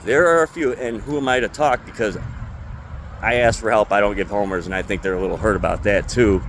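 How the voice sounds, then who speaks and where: A man's voice: fairly low pitch, fairly quick, a little hiss or hum. A man venting angrily and with lots of swearing in a casual vlog about his retail job. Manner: angry, profane ranting. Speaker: retail store employee.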